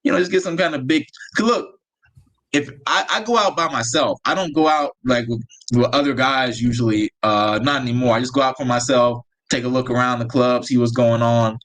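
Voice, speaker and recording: A man of middle pitch chats casually as co-host. He talks in a relaxed way, thinking out loud with fillers and small restarts. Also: fairly quick, poor audio. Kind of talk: casual chat.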